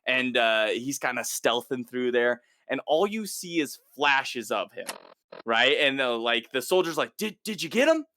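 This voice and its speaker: Male co-host, bright forceful voice, lively play-by-play recap, drops into quick impressions. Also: mid-range voice, a little hiss or hum. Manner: animated retelling, acts out the characters' lines. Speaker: podcast co-host. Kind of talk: casual recap chat.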